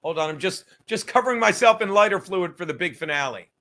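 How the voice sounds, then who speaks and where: A man's voice: high voice, expressive, fast talker, pushed and bright. A man hosting a casual podcast livestream, reading chat aloud with profane, rambling, self-mocking talk while fumbling to light a cigar.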